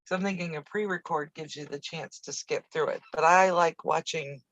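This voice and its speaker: A woman's voice: sits low, fairly even intonation, moderate pace, no room sound, poor audio. A woman hosting a casual live quilting stream from her home sewing room, chatting in a rambling way with easy asides while she works, picked up by a camera on a video-call setup. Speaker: quilting channel host.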